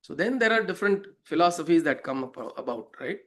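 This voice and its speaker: A man's voice: fairly high pitch, lively intonation, quick pace, a bit bright. A man explaining a scripture verse as a spiritual teacher, reflective, asking rhetorical questions and telling parables.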